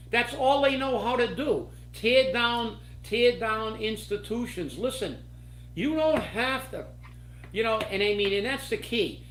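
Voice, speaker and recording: A man delivers political commentary in a slow, deliberate rant full of indignation. His voice echoes around a roomy space. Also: high-pitched, fairly bright tone. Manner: angry, indignant ranting.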